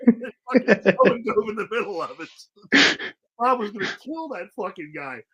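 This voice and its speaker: A middle-aged man telling casual stories in an interview, animated, swearing freely and laughing often. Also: high voice, normal speed, crowd noise, rough recording. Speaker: interview guest, former wrestler. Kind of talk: casual storytelling.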